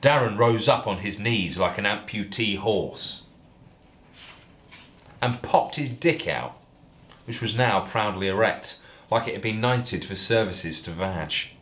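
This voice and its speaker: A male comedian reading out a parody story in a deadpan, mock-earnest way. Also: fairly low pitch, measured pace.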